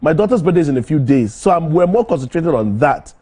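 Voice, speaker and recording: Man, mellow husky voice, relaxed and frank panelist in a TV studio. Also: a little high, fast. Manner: relaxed, conversational, frank opinions. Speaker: panelist on a talk show.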